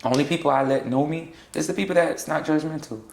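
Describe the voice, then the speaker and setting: A young trans woman from South Florida speaking in a candid sit-down interview, blunt and sassy and quick to laugh. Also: low-pitched, vocal fry, a little mellow, echoey room, slight background noise. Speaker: interview guest.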